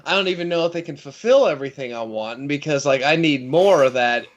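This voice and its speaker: A man's voice: on the high side, expressive, fast talker. A man who is a guest on a livestream, talking earnestly about his life, swearing and saying dude a lot. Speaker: guest occultist. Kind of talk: casual livestream chat. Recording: dull lo-fi stream audio.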